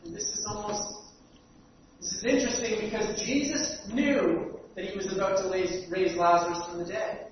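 A male preacher giving an earnest sermon, stumbling over repeated words and swinging between loud stress and near-quiet. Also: high voice, measured pace. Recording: dull, echoey hall from far off, faint hiss.

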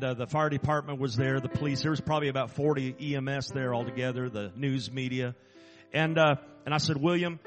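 A man who is an assistant chaplain, telling a personal story in an earnest, halting and emphatic way. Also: mid-range voice, big-room sound.

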